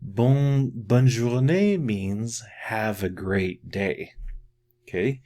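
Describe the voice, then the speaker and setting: A middle-aged man teaching a French lesson, patiently repeating each phrase slowly and more loudly so learners can practice. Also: on the low side. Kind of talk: slow spoken language lesson.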